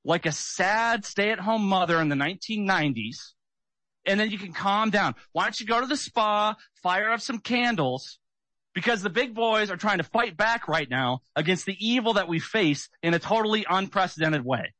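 A man's voice: high voice, animated, moderate pace, sharp tone, no echo. A man hosting a talk radio show, agitated, sarcastic and keyed up as he rants at callers. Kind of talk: fired-up radio rant.

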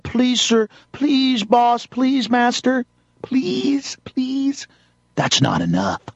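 A man hosting a talk show, ranting forcefully in a heated monologue and acting out quotes dramatically. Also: sits high, dry recording, highs cut off.

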